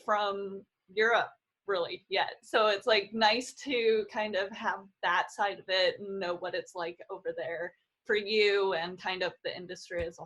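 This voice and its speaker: A woman hosting a casual interview, relaxed and hedging her questions. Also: mid-range voice, rough recording. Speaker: podcast host.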